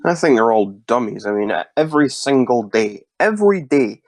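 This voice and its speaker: A man giving rambling, deadpan, mock-serious interview answers. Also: mid-range voice, normal speed, dry recording.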